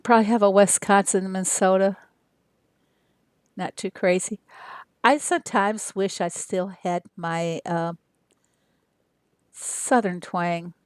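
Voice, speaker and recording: Slow-talking older woman streamer. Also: medium pitch, fairly even intonation, darkish tone, clean tone, no echo, clean studio sound. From Arkansas. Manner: unhurried, chatty, with many fillers. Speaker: game streamer. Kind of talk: casual livestream chat with viewers.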